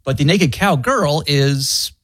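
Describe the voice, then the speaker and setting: A man with a fairly high voice tells stories in a joking, teasing way. His voice is close and dry, with no room sound. The talk is relaxed, like a podcast chat. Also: takes it slowly, no room sound. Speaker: street interviewer and show regular. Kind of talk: casual podcast chat and street interviews.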